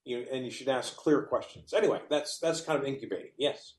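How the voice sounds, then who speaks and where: A man's voice: mid-range voice, fairly quick, reverberant. A man appearing as a guest on a chat show, talking expressively and often restarting his sentences. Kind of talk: casual chat.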